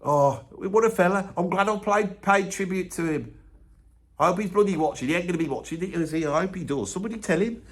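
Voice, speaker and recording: A man's voice: high-pitched, a little fast. A man voicing an opinionated older Birmingham bloke in his sixties, with a Birmingham accent, ranting in a comedic monologue full of swearing and stumbling restarts. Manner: blustering rant, swears constantly, stumbles and restarts. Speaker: comedy character ranting to camera.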